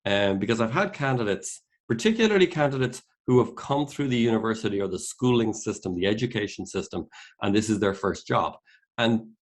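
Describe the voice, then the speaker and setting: A middle-aged Irish man, a career consultant giving a workshop talk over a video call, earnest and repeating key points for emphasis. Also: mid-range voice. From Ireland.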